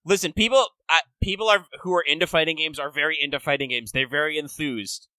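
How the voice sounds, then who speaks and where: A man co-hosting a podcast, chatting casually with relaxed, wry asides. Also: on the high side, fast talker, no echo, poor audio. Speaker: podcast co-host. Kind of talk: casual chat.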